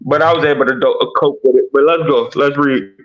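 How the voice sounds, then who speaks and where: A man leading a Bible study livestream, explaining slowly and checking in with "right?" after nearly every point. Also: medium pitch, fairly even intonation, dull audio. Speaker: teacher.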